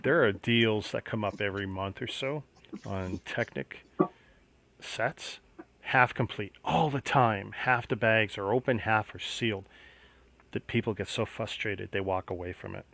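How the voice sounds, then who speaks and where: A man's voice: lowish voice, unhurried, gravelly, a bit bright. A man hosting a casual livestream, chatting and musing aloud as he builds a model kit. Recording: faint background noise.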